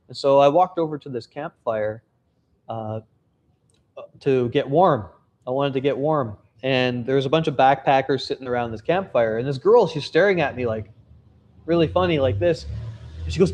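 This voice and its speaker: A man chatting straight to camera in a relaxed vlog update. He talks candidly and casually, drifting into stories, with the odd swear word tossed in. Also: mid-range voice, moderate pace. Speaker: travel vlogger and novelist.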